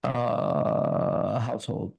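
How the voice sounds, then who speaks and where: A man hosting a ministry talk, telling a personal story in a loose, casual way and reading scripture slowly. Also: medium pitch, steady tone, gravelly, a little mellow, highs cut off. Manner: casual, tags lines with "right?" and "bro", laughs often; reads scripture slowly and deliberately. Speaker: ministry host.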